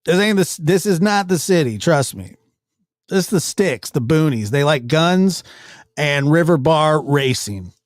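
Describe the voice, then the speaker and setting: A man rambles through casual commentary on news clips, often restarting his sentences. His voice sits a little high. The sound is close-miked and dry. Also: lively intonation, measured pace, no echo. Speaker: streamer reacting to news clips.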